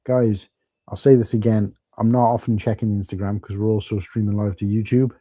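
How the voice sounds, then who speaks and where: Man, Welsh accent, low voice, very warm dark tone, casual livestream chatter. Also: little pitch movement, fairly quick, dry recording. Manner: chatty, greets viewers by name, rambling asides. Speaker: livestream host. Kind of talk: casual live-stream chat. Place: at home.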